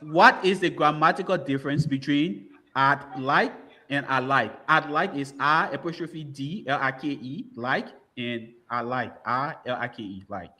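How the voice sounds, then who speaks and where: A man's voice: mid-range voice, unhurried, sharp tone. A man with a Liberian English accent moderating a school quiz bowl, reading questions and repeating commands to hurry contestants.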